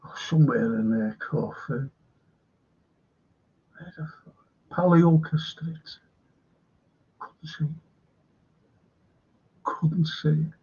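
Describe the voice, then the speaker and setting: A man's voice: on the high side, slow, long pauses, mellow, slightly rough, highs cut off. A man hosting a live fan stream, chatting casually in a rambling way and reading viewer comments aloud. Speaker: fan channel host.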